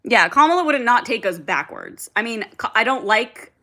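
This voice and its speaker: A woman's voice: a little high, sing-song, normal speed, pushed and bright. A young woman hosting a casual livestream, rambling with lots of "like" and swearing while reading and answering viewer comments. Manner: rambling, heavy filler "like", frequent swearing, reads and answers chat. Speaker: livestream host.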